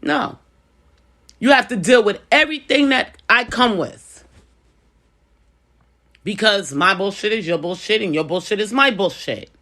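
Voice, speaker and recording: A middle-aged woman talks through her advice in a casual, blunt way, pressing each point and circling back to it. Her pitch swings up and down a lot as she speaks, and the middle of her range sits at an ordinary height. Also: expressive, measured pace, pauses often, pushed and bright. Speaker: business owner.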